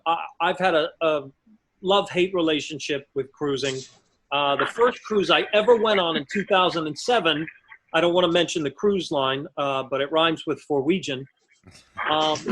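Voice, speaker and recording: A man's voice: on the high side, a bit bright, rough recording. A man in his forties doing a conversational stand-up routine over a video call, telling stories with self-mocking punchlines. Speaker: stand-up comedian.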